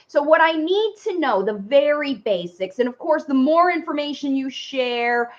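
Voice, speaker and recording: A woman's voice: on the high side, a bit bright, muffled recording. A woman parent coach giving a chatty live-stream talk, speaking directly to viewers and walking them through steps. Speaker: parent coach and speech facilitator.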